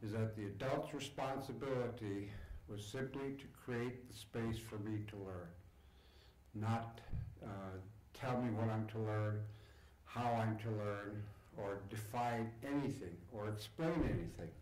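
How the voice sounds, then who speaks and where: An older man giving an acceptance speech to an audience, telling stories from his upbringing in an unhurried, reflective way with pauses. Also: fairly low pitch, a little mellow, low-quality recording. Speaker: award recipient giving a speech. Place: event hall before an audience.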